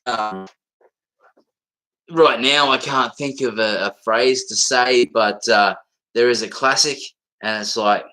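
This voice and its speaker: A man with a strong Australian accent talks loosely on a livestream, his voice bright and forward. He rambles and swears freely, and his speech is full of fillers and restarts. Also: mid-range voice, takes it slowly, long pauses, soft background music, low-quality recording. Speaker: livestream host. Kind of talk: casual livestream chat.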